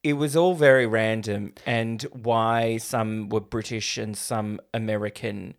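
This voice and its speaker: A man's voice: lowish voice, measured pace. A young Australian man co-hosting a casual movie podcast, telling stories with casual swearing. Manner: animated storyteller, swears casually. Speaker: podcast co-host. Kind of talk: casual movie review chat.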